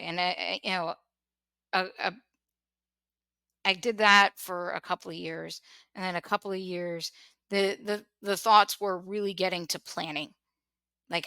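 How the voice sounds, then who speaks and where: A woman's voice: fairly low pitch, fairly even intonation, a little slow, long pauses, pushed and bright, no echo. A woman hosting a podcast, talking candidly and emotionally about her own life, repeating words and laughing wryly. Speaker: podcast host. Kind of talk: candid personal conversation.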